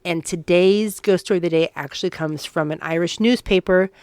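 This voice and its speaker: A woman's voice: on the low side, brisk, darkish tone, smooth, no echo. Earnest woman telling a ghost story. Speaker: podcast co-host. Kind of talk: casual storytelling.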